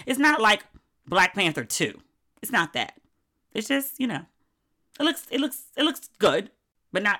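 Woman rambling on her podcast, wry and candid, mid pitch, jumps into excited quotes. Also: normal speed, pauses often. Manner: candid, wry and animated, with sudden quoted outbursts. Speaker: podcast host. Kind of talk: casual solo podcast chat.

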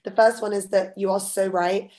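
A woman co-hosting a podcast, talking in a chatty, expressive way as she shares personal stories. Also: medium pitch, moderate pace. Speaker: podcast co-host. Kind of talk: casual podcast chat.

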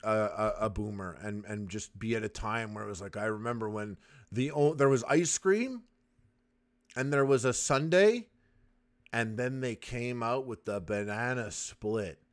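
A man co-hosting a casual podcast chat, animated and often laughing, swearing freely and acting out little scenes. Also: fairly low pitch, measured pace. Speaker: podcast co-host.

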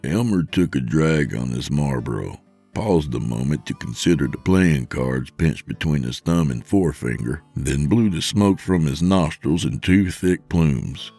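A man with a very deep voice narrates a scripted horror tale. His delivery is lively and theatrical. The sound is dry and close, with faint music behind him. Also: a little slow, gravelly, slightly rough. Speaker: podcast narrator.

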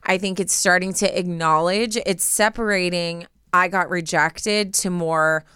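A woman's voice: lowish voice, steady tone, a little slow, bright, forceful tone, clean tone, dry recording, studio quality. A young woman co-hosting a podcast, giving casual advice in a chatty way with many fillers. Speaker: podcast co-host.

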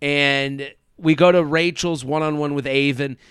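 A man's voice: a little high, measured pace, smooth, no echo, studio quality. A man co-hosting a podcast, chatting casually and acting out quotes in playful voices. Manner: animated, acts out quotes in funny voices. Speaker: podcast co-host. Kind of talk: casual recap chat.

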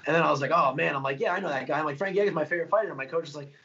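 A man's voice: fairly high pitch, gravelly, bright, forceful tone. A young man, a fighter, talking casually in an interview, rambling through stories with lots of fillers. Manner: fast, rambling storytelling with many fillers. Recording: dull lo-fi sound.

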